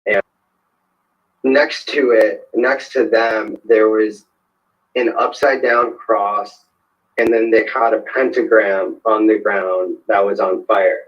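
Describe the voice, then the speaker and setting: A man's voice: on the low side, fairly even intonation, takes it slowly. A man, a podcast guest, telling a personal story in a conversational way, hesitant, with many fillers and restarts. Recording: dull lo-fi sound.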